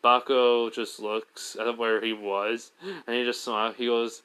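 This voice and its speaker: A man's voice: medium pitch, fairly even intonation, a little slow, fairly bright tone, clean tone, rough recording. A man casually retelling a fan story, rambling with lots of fillers.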